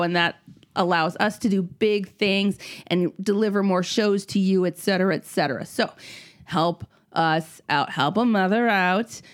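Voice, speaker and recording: A woman co-hosting a podcast in casual chat, rambling, correcting herself and swearing freely. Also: mid-range voice. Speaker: podcast co-host.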